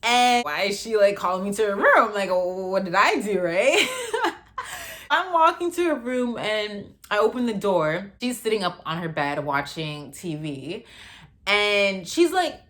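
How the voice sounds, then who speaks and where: Casual, lively thirty-something woman vlogging to camera. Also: mid-range voice, measured pace. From Canada. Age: 30s. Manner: chatty, animated retelling. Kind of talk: storytime vlog.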